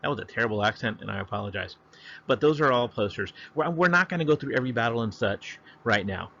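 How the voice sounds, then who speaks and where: A man teaching history in a relaxed, chatty home lesson, with plenty of fillers. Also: mid-range voice, fast, gravelly, highs cut off.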